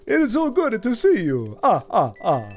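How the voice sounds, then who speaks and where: A man voicing a theatrical, fawning male vampire with a drawn-out, hammy greeting. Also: sits high, wildly swooping pitch, soft background music, voice pushed up, exaggerated voice.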